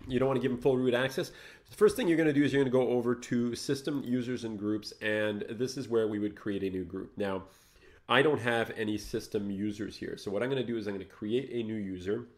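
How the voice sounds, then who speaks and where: A man's voice: mid-range voice, fairly even intonation, brisk. Chatty, jokey man hosting a live tutorial. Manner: jokey, rambling, thinks aloud while typing; greets and toasts viewers in the chat. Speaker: host of a live Linux tutorial show.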